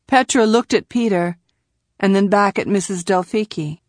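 A woman narrating a novel in scripted, measured storytelling from a quiet booth. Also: medium pitch, no room sound, studio quality. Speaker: audiobook narrator.

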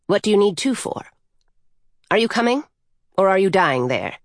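A woman's voice: mid-range voice, big pitch swings, normal speed, no room sound, studio quality. A woman voicing an offhand trickster coyote in a storybook reading, talking in a blunt, matter-of-fact way.

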